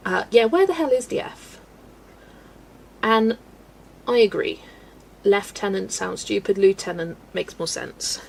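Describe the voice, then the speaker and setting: A woman's voice: mid-range voice, sing-song, measured pace, vocal fry, pauses often, low-quality recording. A woman, chatting casually on a colouring livestream, laughing often and ranting playfully. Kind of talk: casual live-stream chat while colouring.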